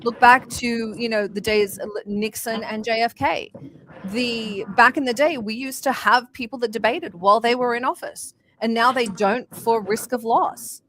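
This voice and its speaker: A woman from a Commonwealth country, co-hosting a casual podcast chat in an enthusiastic, quick-to-laugh manner. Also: a little high, steady tone, a bit bright, low-quality recording. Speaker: podcast co-host.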